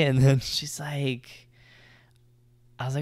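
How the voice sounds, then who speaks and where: A man's voice: mid-range voice, steady tone, measured pace, dry recording. A young man co-hosting a podcast, telling a story in a loose, slangy, swear-filled way. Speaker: podcast co-host. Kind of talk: casual storytelling chat.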